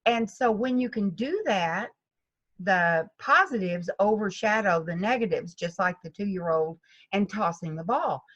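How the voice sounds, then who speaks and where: A woman's voice: mid-range voice, a little slow, lo-fi sound. A woman golf instructor talking in an interview, telling stories and acting out her students' voices. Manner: animated storytelling, acts out students' voices. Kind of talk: interview conversation.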